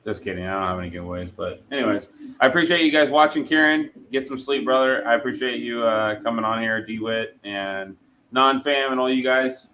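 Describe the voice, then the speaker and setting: With a 3D printer whirring behind him, a livestreamer rambles and talks to his chat in a relaxed way. His mid-range voice is brisk, bright, and forceful, and the low-quality recording picks up slight background noise.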